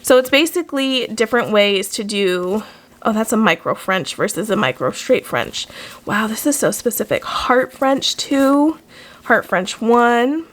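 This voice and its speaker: A woman's voice: a little high, lively intonation, a little slow. A young adult woman, a nail artist, chatting casually and gushing with enthusiasm as she unboxes nail design cards. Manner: gushing, enthusiastic, many fillers.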